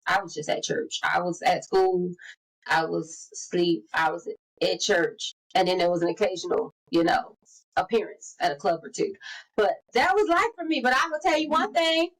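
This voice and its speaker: A woman in her forties co-hosting a podcast, telling stories in lively casual chat and acting out the quotes. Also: mid-range voice, poor audio. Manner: animated storyteller, acts out quotes. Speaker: podcast co-host.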